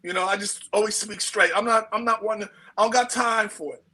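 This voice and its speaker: Middle-aged New York man, slangy storyteller, high bright voice, a bit husky. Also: a little fast, poor audio. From United States. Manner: slangy and animated, acts out quotes. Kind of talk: casual storytelling.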